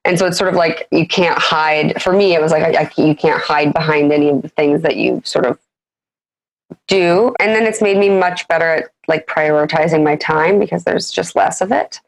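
A woman in her thirties, a business founder as a guest, talking candidly and haltingly in casual interview chat. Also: low voice, creaky, low-quality recording. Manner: candid, halting, many fillers and restarts.

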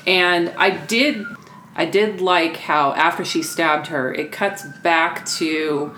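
A woman with a low voice hosts a casual film chat. She acts out scenes in quick quoted voices. The room is echoey, with faint noise underneath. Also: sharp tone. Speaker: podcast host.

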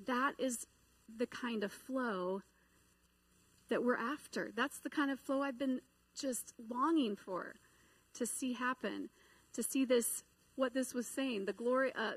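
A middle-aged woman giving a sermon, telling a personal story in an animated way and acting out the voices she quotes. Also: a little high, a little slow, no echo, rough recording. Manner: animated, acts out quoted voices and inner dialogue. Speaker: preacher.

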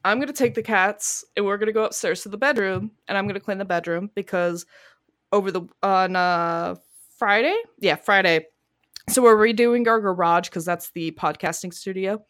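A woman co-hosting a podcast, telling a long story in casual chat, swearing freely and loudly acting out the people she quotes. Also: medium pitch, moderate pace, dry recording, clean studio sound. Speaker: podcast co-host. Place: home garage studio.

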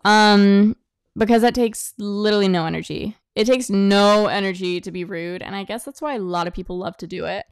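A young woman talks through her solo podcast in a blunt, jokey, animated way, her voice smooth and clean. She keeps shifting around the microphone, so she swings between close and a bit farther off in a dry room. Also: mid-range voice, normal speed, no echo. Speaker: podcast host. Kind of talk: casual solo podcast monologue. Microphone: desk microphone, voice drifting near and far.

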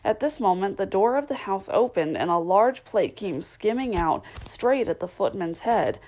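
A woman narrating a classic children's story in a measured, clear storytelling manner, with the odd slip. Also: mid-range voice, expressive, a little mellow, low-quality recording. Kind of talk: audiobook reading of a classic novel.

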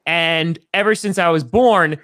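An excitable man in his thirties from New York, talking as a podcast guest in a loose, rambling way. His voice sits high and bright, and the sound is close and dry. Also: a little slow, dry recording. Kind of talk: casual podcast chat.

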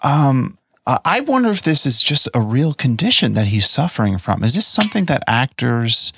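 A man's voice: medium pitch, very animated, moderate pace, vocal fry, a bit bright, breathy edge, no room sound, studio quality. A man co-hosting a casual podcast, musing thoughtfully and hedging his words. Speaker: podcast co-host, movie insider. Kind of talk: casual chat.

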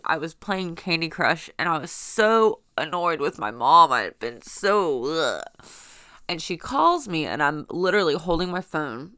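A woman's voice: sits low, bright, forceful tone, no echo, studio quality. Blunt, profane woman telling a story. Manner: blunt, profane, rambling with many fillers. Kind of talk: casual personal storytelling.

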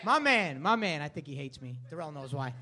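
Man, high voice, live comedy club podcast, excitable, lots of swearing, loud bursts. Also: fairly quick. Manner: excitable, swears a lot, jumps into loud outbursts. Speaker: podcast co-host.

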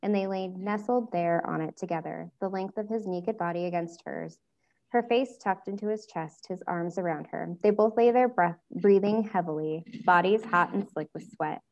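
A woman hosting a podcast and reading a story aloud in a calm, even way. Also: fairly low pitch, normal speed, lo-fi sound. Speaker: podcast host and reader. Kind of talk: reading fan fiction aloud.

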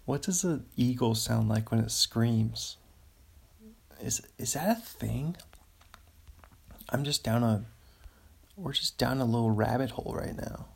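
A man's voice: medium pitch, normal speed, gravelly, husky. A man hosting a casual solo podcast, rambling and easily amused, chuckling as he reads material aloud. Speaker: podcast host.

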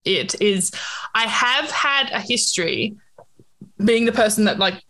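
A woman's voice: mid-range voice, animated, unhurried, bright, forceful tone. A woman co-hosting a podcast in casual chat, playful, often laughing and trailing off mid-sentence. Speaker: podcast co-host.

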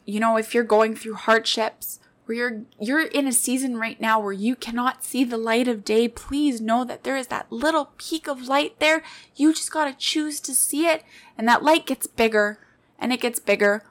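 In her late twenties, this woman runs her own podcast and talks at a normal pace in a fairly high voice. Her monologue is earnest and heartfelt, built from personal stories and aimed straight at her listeners.

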